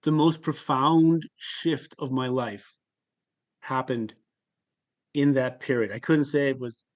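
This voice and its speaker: A male podcast guest speaking at a middle pitch, with an even, ordinary voice. He talks reflectively and haltingly, often pausing and restarting as he recounts his experience. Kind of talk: candid personal storytelling.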